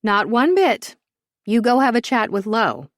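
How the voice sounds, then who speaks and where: A dry-witted mother figure , played by a woman reading a story, answers in a brisk, deadpan way. The sound is close and dry with no room. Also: fairly high pitch, no echo, voice pushed up.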